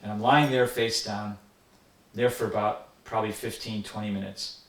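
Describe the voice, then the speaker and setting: A man's voice: lowish voice, steady tone, normal speed, fairly bright tone, a little hiss or hum. An older man earnestly recalling personal experiences in an interview. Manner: earnest, reflective storytelling. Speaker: interviewee recalling a spiritual teacher. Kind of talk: personal reminiscence. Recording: roomy sound from a distant mic.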